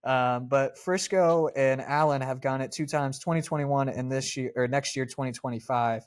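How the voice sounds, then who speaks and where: A man's voice: medium pitch, moderate pace. A man with a Southern US accent co-hosting a sports podcast, talking in an emphatic, rambling way with many fillers and restarts. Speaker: podcast co-host. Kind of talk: casual sports talk.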